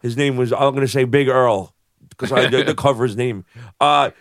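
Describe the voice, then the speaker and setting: A man's voice: mid-range voice, fairly even intonation, a little fast, no echo, studio quality. A man telling a long story in casual chat, swearing freely and acting out the voices of the people in it.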